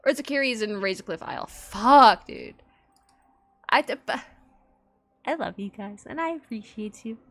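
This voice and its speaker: A woman game streamer chatting live with viewers, excitable and gushing, swearing often and squealing and laughing between lines. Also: on the high side, moderate pace, pauses often. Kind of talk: casual live-stream chat.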